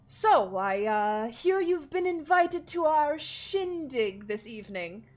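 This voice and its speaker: Woman as a loyal manservant, formal, polite, a little weary, raised pitch, tabletop game. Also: very animated, takes it slowly, a little mellow, exaggerated voice. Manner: formal, polite, lightly exasperated. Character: dutiful, slightly weary male servant. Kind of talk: voicing a character in a tabletop game.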